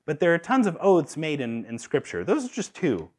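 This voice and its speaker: A man's voice: a little high, normal speed. A man preaching a sermon, asking his listeners rhetorical questions. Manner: animated, asks the audience rhetorical questions.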